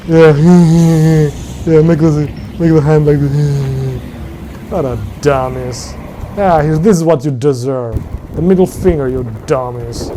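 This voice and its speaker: Male stream host, slightly higher voice, halting, mocking commentary. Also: background noise. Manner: halting, many fillers and restarts, mocking. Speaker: live stream host reacting to a video. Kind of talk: casual commentary.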